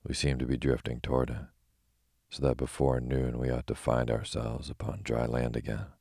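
A man voicing a proud, fussy yellow hen in a storybook reading, prim and easily offended. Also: extremely low pitch, monotone, moderate pace, creaky, dry recording, studio quality, full character voice.

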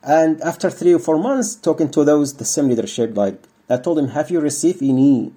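A man's voice: a little high, animated, normal speed, warm tone, husky. A man, a former detainee, answering interview questions and searching for words with many restarts.

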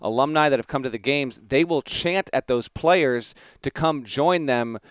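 Smooth-voiced man explaining, many fillers. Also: medium pitch, normal speed, no room sound, studio quality. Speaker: sports podcast co-host. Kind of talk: late-night casual sports chat.

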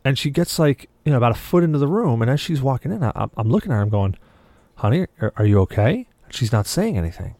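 A man's voice: medium pitch, very animated, racing, few pauses, a little mellow, no echo. Guy telling a story on a podcast, acts out the quotes, dead dry mic. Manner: vivid storyteller who acts out quoted dialogue. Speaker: podcast co-host. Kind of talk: casual podcast chat.

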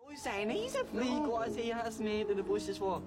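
An actor playing a young North Dublin man in a film clip, speaking in a thick, rapid, hard-to-follow accent. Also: high-pitched, big pitch swings. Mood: incredulous. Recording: echoey film clip with crowd behind.

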